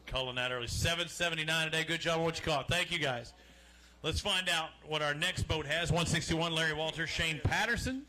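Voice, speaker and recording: A man's voice: on the high side, brisk, pushed and bright. A man hosting a live outdoor fishing weigh-in, joking and chatty as he calls out names and weights. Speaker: weigh-in emcee. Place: outdoor lakeside weigh-in stage.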